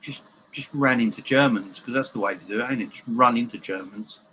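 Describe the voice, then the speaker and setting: Bright, forceful man hosting a livestream. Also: medium pitch, a little fast, slight background noise, low-quality recording. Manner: chatty, joking banter with viewers. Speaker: host of a live football watchalong. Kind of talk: casual live-stream chat, reading viewer comments.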